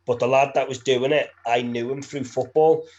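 A man with a Merseyside accent tells rambling, sweary stories in a casual chat. His delivery stays level and monotone, with laughter slipping into his sentences. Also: medium pitch, moderate pace, dull audio. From Birkenhead, England.

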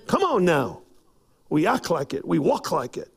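A man preaching a sermon, telling a personal story with acted-out quotes and rising to shouts. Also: fairly high pitch, wildly swooping pitch, measured pace, vocal fry, breathy edge. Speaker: pastor. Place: church.

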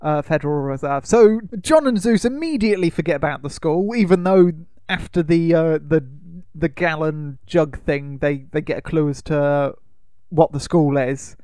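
A man's voice: on the high side, normal speed, dark tone, no room sound, studio quality. Man casually recapping a film. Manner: rambling retelling with fillers and laughs. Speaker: podcast co-host.

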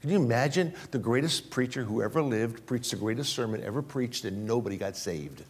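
A male pastor preaching a sermon, repeating key phrases and swinging between loud emphasis and low, slow drops. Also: expressive.

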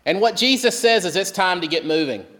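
A pastor with a rather high voice delivers a sermon animatedly and a little fast, retelling the story and dropping to a hushed, low tone whenever he quotes. A church hall's long reverb rings around his words.

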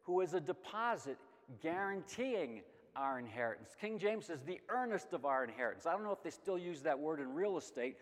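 A middle-aged man teaching a Bible lesson, emphatic and lively, asking questions and answering them himself. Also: fairly high pitch, normal speed. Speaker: Sunday school teacher. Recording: long hall reverb.

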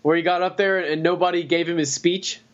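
A man's voice: high voice, fairly even intonation, fairly quick. A young man co-hosting a podcast in casual chat, rambling, swearing and laughing often. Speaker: podcast co-host. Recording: dull lo-fi podcast audio.

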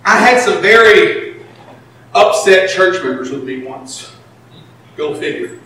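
High-voiced impassioned preacher in echoey hall. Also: male voice, expressive, slow pace, far from the mic, slight background noise. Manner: impassioned, swinging between shouted emphasis and hushed confession. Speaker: pastor. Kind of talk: sermon.

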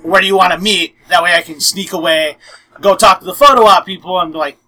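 A man's voice: high-pitched, brisk, poor audio. A young man hosting a casual podcast, telling a long story and acting out the quotes with lots of "I'm like". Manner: animated, acts out quotes, frequent "I'm like". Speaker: podcast host.

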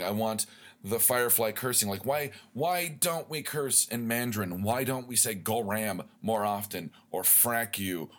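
A man's voice: lowish voice, a bit bright. A man hosting a podcast, ranting in a worked-up, profane, rambling way. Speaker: podcast host. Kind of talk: comedic rant.

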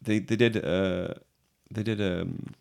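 A man's voice: low-pitched, fairly even intonation, slow pace, creaky. A man, co-hosting a podcast in casual, sweary, rambling chat. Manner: sweary, rambling, laughs often. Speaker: podcast co-host.

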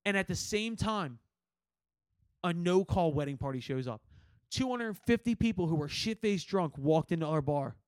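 A young man with a high-set voice tells a raucous story from behind the bar, full of swearing and quoted back-and-forth. He sits right at the mic in a dry, dead room. It is relaxed podcast banter among friends. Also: normal speed, no echo. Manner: animated, profane storytelling with acted-out quotes. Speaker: podcast co-host.

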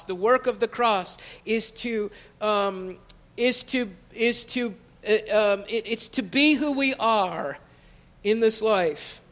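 A man's voice: very high voice, a bit bright. A male pastor, praying and then preaching a sermon in a church, stretching key phrases as his intensity builds. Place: church sanctuary.

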